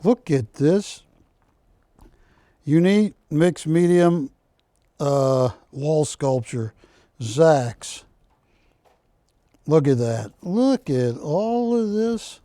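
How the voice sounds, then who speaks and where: Jokey man pitching items on live TV. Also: animated, drawn-out words, pauses often, warm tone, dry recording, studio quality. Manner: jokey, chatty salesman banter. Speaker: shopping channel host. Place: TV studio.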